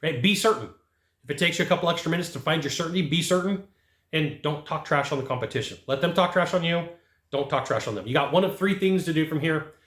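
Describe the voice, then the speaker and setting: A middle-aged man gives a punchy sales coaching talk straight to camera and keeps checking in with "right?". He talks very fast, in a voice a little higher than most men's. His voice rings in an echoey room. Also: a bit bright. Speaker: HVAC sales trainer.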